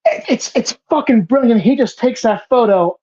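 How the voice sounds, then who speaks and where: A woman's voice: on the high side, expressive, normal speed, dark tone. Emphatic, swearing woman gushing about film. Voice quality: emphatic, profane, rambling with restarts. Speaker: host of a movie bracket show. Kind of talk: casual, passionate film talk. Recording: slightly dull lo-fi sound.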